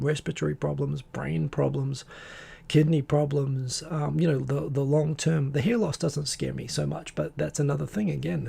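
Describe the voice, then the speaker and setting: A man's voice: on the high side, vocal fry, warm tone, slightly rough. A man hosting a live stream, chatting casually and rambling as he greets viewers by name. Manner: rambling, reads viewer names aloud.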